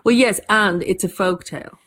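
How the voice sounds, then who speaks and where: An Irish woman who tells stories, chatting casually in quick, animated bursts with frequent restarts. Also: medium pitch. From Ireland. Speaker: storyteller. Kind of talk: casual conversation.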